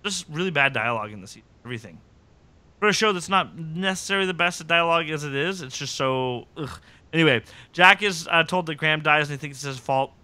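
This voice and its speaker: Bright-voiced man recapping a show. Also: fairly high pitch, quick pace, no room sound. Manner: animated, acts out characters' lines in put-on voices. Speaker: podcast host. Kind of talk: casual recap chat.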